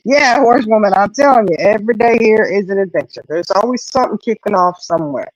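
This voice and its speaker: A middle-aged woman, chatting casually and telling a lively story, acting out the voices in it. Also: medium pitch, quick pace, dry recording, dull audio. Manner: animated storyteller, acts out quotes. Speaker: host. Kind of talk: casual chat.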